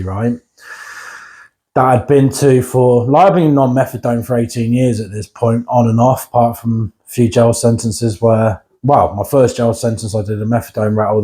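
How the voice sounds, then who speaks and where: A man's voice: mid-range voice, mellow. A man, telling his own life story bluntly in an interview, swearing now and then and often checking in with the listener. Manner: blunt and frank, swears, keeps checking in with "right?". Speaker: interview guest. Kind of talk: candid personal storytelling.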